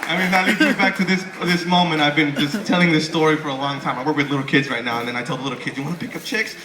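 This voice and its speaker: A young man rattles off a stand-up routine at a rapid-fire clip, his voice fairly high with a steady tone. He rambles, swears and stammers as he restarts. The setting is a comedy club stage, recorded in an echoey room with crowd noise and laughing audience members.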